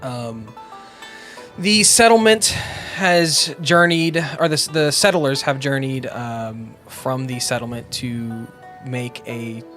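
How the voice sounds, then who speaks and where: A man's voice: medium pitch, slow, a bit bright, faint music behind. A man running a tabletop game as game master, narrating casually with lots of ums and restarts. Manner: casual, rambling, many fillers.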